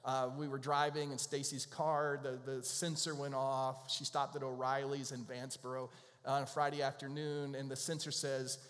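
A man's voice: medium pitch, flat delivery, moderate pace, fairly bright tone. Man preaching in a reverberant hall. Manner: conversational storyteller. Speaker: pastor. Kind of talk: sermon. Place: church sanctuary. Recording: long reverb of a large hall.

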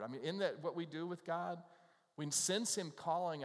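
A man's voice: a little high, normal speed. A male pastor preaching a sermon, emphatic and repetitive, often tossing "right?" back at the congregation. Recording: long hall reverb.

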